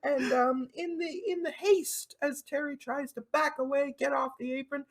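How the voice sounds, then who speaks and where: A woman co-hosting a podcast, chatting casually as she recaps a wrestling show, animated and laughing often. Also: sits high, normal speed. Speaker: podcast co-host.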